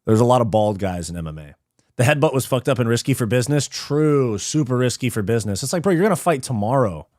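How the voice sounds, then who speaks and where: A man's voice: medium pitch, expressive, fast, darkish tone, no echo, studio quality. Casual profane Californian streamer guy. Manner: casual, slangy and profane, reads out chat. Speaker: host. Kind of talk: live watch-party commentary.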